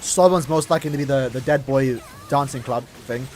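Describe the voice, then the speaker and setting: This young Irishman speaks briskly in a medium-pitched, darkish voice, with a little hiss or hum on the audio. He's streaming a mobile game, chatting loosely with viewers, rambling, restarting lines and replying to chat.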